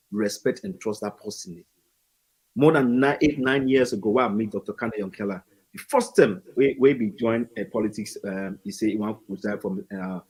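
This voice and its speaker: A hoarse Sierra Leonean man, a guest on a talk show, telling a story with excitement and mixing Krio into his English. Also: lowish voice, rough recording. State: hoarse after losing his voice. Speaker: guest, party supporter.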